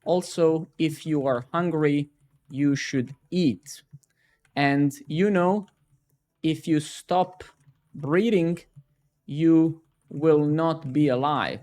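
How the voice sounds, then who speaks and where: A man putting on the voice of a smug male networking-site influencer, speaking slowly and self-importantly. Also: fairly high pitch, darkish tone. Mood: pompous. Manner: slow, drawn-out, self-important delivery.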